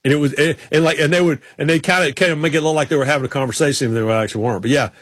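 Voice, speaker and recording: A man's voice: fairly high pitch, steady tone, racing, a bit bright, no room sound. A man hosting a casual chat, telling rambling stories with many restarts. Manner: rambling storyteller, frequent restarts. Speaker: podcast host.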